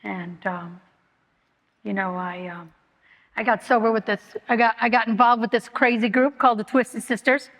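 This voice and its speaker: A woman giving a candid personal testimony at a recovery meeting, talking haltingly with many fillers and restarts. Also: a little high, steady tone, fairly bright tone. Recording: long hall reverb.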